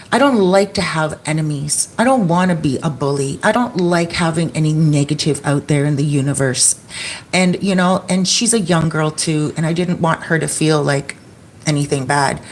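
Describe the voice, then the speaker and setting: Middle-aged woman vlogging, kinda low voice, chatty storyteller doing everyone's lines, faint hum behind. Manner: chatty, animated retelling with acted-out quotes. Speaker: expat vlogger. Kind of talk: casual storytelling to viewers.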